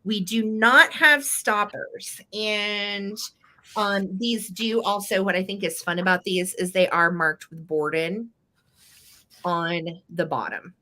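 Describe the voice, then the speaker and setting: A woman's voice: medium pitch, steady tone, slow pace, bright, forceful tone. A woman hosting a live vintage sale, chatty and playful, laughing often as she shows collectibles and runs the bidding.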